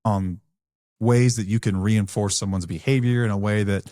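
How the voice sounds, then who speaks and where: A podcast co-host speaks candidly, bluntly and earnestly about recovery, drawing on his own experience. His voice is lowish, dark and steady at a moderate pace, recorded in clean studio quality with no room sound.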